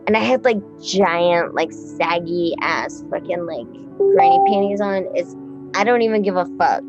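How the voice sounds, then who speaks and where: A woman in her thirties, a musician being interviewed, talking in a rambling, excitable way, swearing freely and laughing often. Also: lowish voice, a little slow, dull audio, music in the background. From Texas. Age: 30s. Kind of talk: casual chat.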